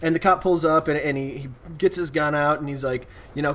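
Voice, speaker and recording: A man chatting through a story time over gameplay, rambling and relaxed. He talks in a slightly higher male voice, full of asides and filler words. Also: brisk. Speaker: gaming YouTuber.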